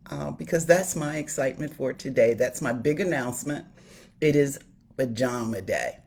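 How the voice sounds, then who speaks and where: A woman's voice: low-pitched, a little mellow. A woman hosting a live stream, chatting casually and greeting viewers by name. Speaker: inspirational host of a live stream. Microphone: phone or webcam on a live stream.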